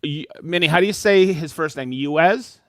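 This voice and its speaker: A man's voice: on the high side, moderate pace, dry recording, studio quality. Upbeat man hosting a live stream. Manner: upbeat, jokey, reading names and places aloud. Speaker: host of a live product show. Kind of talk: livestream shout-outs to viewers.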